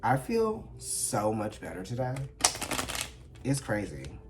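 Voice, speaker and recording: Chatty, expressive man reading tarot. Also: on the low side, slow, over loud music. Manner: chatty and expressive, often checking in with listeners and calling them honey. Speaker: tarot reader. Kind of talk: casual tarot reading to camera. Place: indoors under a ring light.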